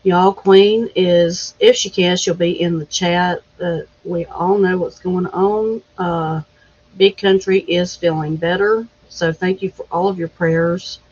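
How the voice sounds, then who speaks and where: A woman's voice: fairly low pitch, fairly even intonation, takes it slowly, a little mellow, husky. A woman hosting a casual live chat, greeting viewers by name and laughing easily. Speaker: livestream host. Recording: dull lo-fi stream audio.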